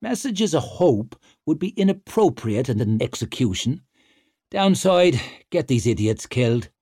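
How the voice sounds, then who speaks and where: Man voicing weary older warrior, dry, world-weary, husky, muttering. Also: mid-range voice, sing-song, unhurried, warm tone, dry recording, voice pushed up. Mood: wry.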